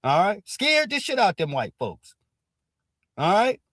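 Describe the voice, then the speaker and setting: A man's voice: high voice, measured pace, no echo, studio quality. A man giving casual, profane livestream commentary, dropping "all right" between nearly every thought. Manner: animated, profane, repeats "all right" as a filler.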